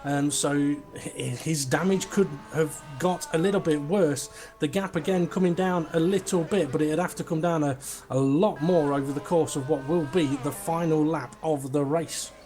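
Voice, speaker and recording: A man's voice: on the high side, normal speed, hardly any pauses, a little mellow, faint music behind. A young man co-commentating a sim race, chatty, joking and enthusiastic.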